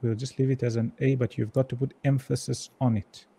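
A man's voice: mid-range voice, level tone, a little fast, gravelly, dark tone, husky, no room sound. A man teaching an online Arabic reading class, patiently sounding out each syllable and repeating it for his students.

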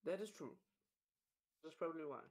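A man's voice: fairly high pitch, expressive, normal speed. A man joining a casual game let's play, joking and stammering, often repeating words. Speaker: guest co-player.

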